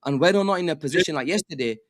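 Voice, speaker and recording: A man on a football fan panel who talks in halting bursts, repeating words and swearing when riled. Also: on the high side, dry recording, studio quality. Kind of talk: casual fan chat.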